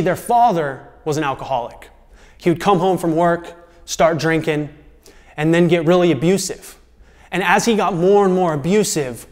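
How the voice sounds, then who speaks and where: A man hosting a motivational talk to camera, earnest and deliberate, letting his voice drop softly at the ends of phrases. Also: a little high. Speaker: host. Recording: long room reverb.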